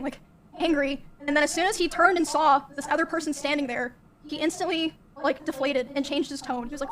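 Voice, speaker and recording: A young woman streamer recounting a personal story in a soft, halting way, with many fillers. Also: high-pitched, steady tone.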